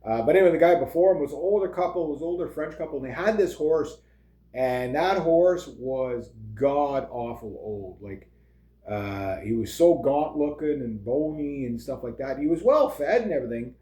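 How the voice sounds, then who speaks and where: Middle-aged guy rambling on, lots of uh and like, mellow voice, roomy echo. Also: mid-range voice, lively intonation, normal speed. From Canada. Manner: meandering, lots of uh and like, chuckling asides. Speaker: vlogger. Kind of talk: rambling casual monologue.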